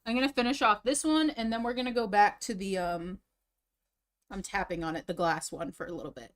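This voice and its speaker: A young woman chats casually on a livestream, rambling and a little out of breath after eating. Her mid-range voice moves briskly, and she keeps restarting sentences in a chatty way.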